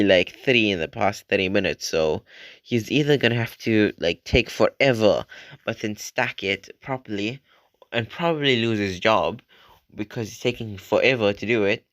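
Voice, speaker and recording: A young man retelling a story in a relaxed, casual way, often tagging sentences with "right?". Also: lowish voice, no room sound. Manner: relaxed, frequent "like" and "right?" tags. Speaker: channel host retelling an online post.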